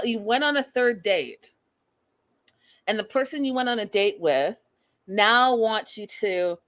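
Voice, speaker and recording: A woman hosting a casual reality TV recap, talking in an animated, exasperated, gossipy way. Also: mid-range voice. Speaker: host.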